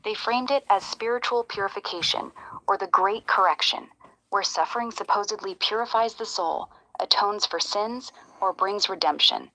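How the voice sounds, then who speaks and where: A woman reading out a summary in a measured, explanatory way. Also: medium pitch, sharp tone, no echo, low-quality recording. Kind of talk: read-out summary narration.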